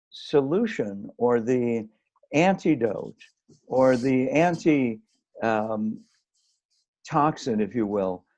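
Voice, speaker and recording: A man's voice: medium pitch, darkish tone. Thoughtful man on a lo-fi video call. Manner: measured, hedging with many "I mean"s. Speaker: guest author. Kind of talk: conversational discussion.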